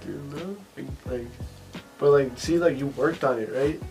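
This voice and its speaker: A man chatting on a podcast, mid-pitched and loose, rambling from one story to the next with constant fillers and casual swearing. Faint music plays underneath. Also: a little slow, rough recording. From family ties to Texas. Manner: rambling, profane, many fillers. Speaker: podcast host. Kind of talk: casual chat.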